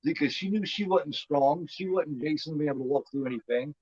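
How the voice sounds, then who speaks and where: A man's voice: a little high, brisk, darkish tone, husky, no room sound. A man in his fifties hosting a casual movie commentary, rambling and repeating himself with lots of "you know what I mean.". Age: 50s. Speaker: host. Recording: dull lo-fi sound.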